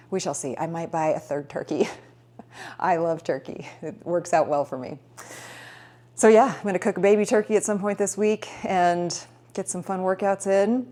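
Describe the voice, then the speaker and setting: Chatty woman vlogger, slightly low voice. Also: warm tone. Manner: chatty, rambling, upbeat. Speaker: fitness vlogger. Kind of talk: casual vlog chat.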